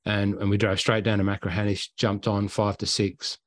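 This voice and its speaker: With a lowish voice at normal speed and hardly any pauses, an Australian podcast host narrates travel stories in casual chat. He's animated, acting out quotes and sounds, and no room sound is audible.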